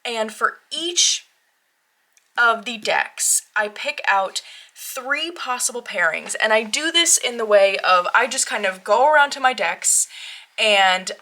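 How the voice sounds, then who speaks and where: A woman's voice: fairly high pitch, animated, slow pace, pushed and bright. A young woman hosting a tarot vlog, chatting casually in a bubbly, giggly, rambling way that keeps interrupting itself. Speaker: tarot channel host.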